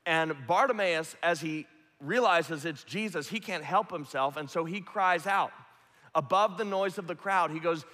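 A man's voice: on the high side, normal speed, sharp tone. A man preaching a sermon, retelling a story earnestly and vividly. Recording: long hall reverb.

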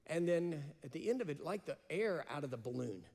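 A man preaching a sermon, passionate, shifting between emphatic raised cries and slow, hushed phrases. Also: fairly high pitch, expressive. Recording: long reverb of a large hall.

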